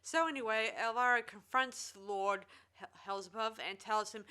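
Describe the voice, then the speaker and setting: A woman's voice: a little high, fairly even intonation, measured pace, pushed and bright, clean tone. A woman hosting a film review podcast, recapping the plot casually with fillers. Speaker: podcast host.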